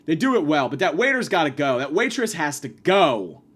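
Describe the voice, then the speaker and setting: A man's voice: a little high, big pitch swings, normal speed, fairly bright tone, husky. A man hosting a podcast, delivering a profane, sarcastic comedic rant. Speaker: podcast host.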